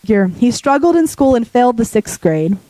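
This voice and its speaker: A woman preaching a sermon in a church while sick, her voice deepening, talking conversationally and joking with the congregation. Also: very animated, moderate pace, mellow, no room sound, low-quality recording.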